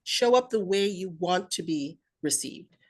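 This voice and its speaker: Woman, author guest, fairly low voice, steady, emphatic. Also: unhurried. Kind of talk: casual talk to an audience.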